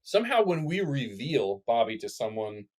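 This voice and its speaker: A man's voice: medium pitch, moderate pace. A man co-hosting a retirement planning podcast, talking casually and acting out quoted people. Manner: animated, acts out quoted people. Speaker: podcast co-host.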